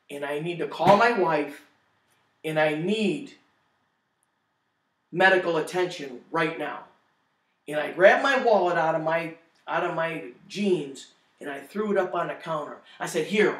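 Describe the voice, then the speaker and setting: Animated man telling his testimony, echoey. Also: fairly high pitch. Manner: animated storytelling, acts out quotes loudly. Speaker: testimony speaker. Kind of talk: spoken testimony. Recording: echoey room, distant mic.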